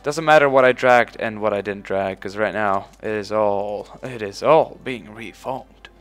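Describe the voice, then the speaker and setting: Excitable man narrating a strategy game. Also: unhurried, faint music behind. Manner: excitable, swears casually, shouts "boom" when giving orders; talks to in-game units as if they were his troops. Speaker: let's play host. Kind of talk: casual gameplay commentary.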